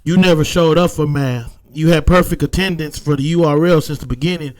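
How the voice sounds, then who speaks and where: A man's voice: a little high, brisk, no echo. A man with a Southern American accent giving a loose, slangy recap of rap battles, with emphatic verdicts. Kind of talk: casual recap commentary.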